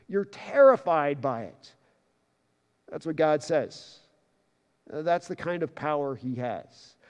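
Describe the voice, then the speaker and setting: Animated male preacher in a reverberant hall. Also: fairly high pitch. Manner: animated, loud bursts when quoting scripture. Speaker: pastor. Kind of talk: sermon.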